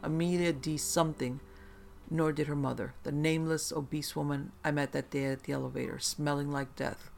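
With a gravelly, medium-pitched voice that barely changes in pitch, a narrator recounts a first-person horror tale. The delivery is dry and measured, with slow pauses for drama and a faint music bed underneath.

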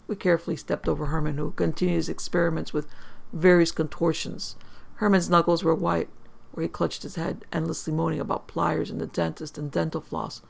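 Deadpan dark comic storyteller, crude words, super gravelly creaky voice. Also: mid-range voice, brisk.

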